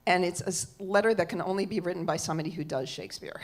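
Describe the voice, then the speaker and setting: A crowd can be heard behind a middle-aged woman telling a comic story on stage in a lowish voice, talking fast. She acts out the story's characters with animated energy, swinging her voice widely as she quotes them.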